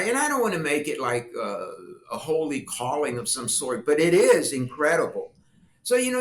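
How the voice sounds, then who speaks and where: A former congressman, now an older man, tells family stories in an interview, animatedly acting out the voices of the people in them and laughing. His voice is a little high, and the recording has an echoey room plus slight hiss or hum.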